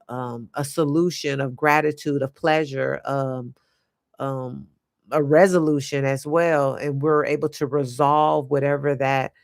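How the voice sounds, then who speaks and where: Woman, life coach, reflective spiritual monologue, unhurried, gravelly, dry close sound. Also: deep voice, no echo. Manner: earnest, halting, searches for words mid-sentence.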